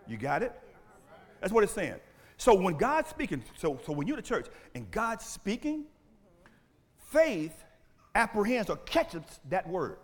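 Animated preacher man, high lively voice. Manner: animated preaching, rising to shouts; asks the congregation questions. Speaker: pastor. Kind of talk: sermon.

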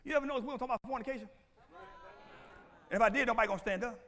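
A man preaching a sermon as pastor, animated and playful, calling out to the congregation and bursting into shouts. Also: extremely high pitch, racing. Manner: playful, teasing, laughs often.

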